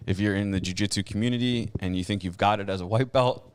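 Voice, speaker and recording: A man hosting a podcast in casual chat, relaxed and rambling, with lots of fillers and frequent laughs. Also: fairly low pitch, fast talker, clear, resonant tone, no echo. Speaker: podcast host.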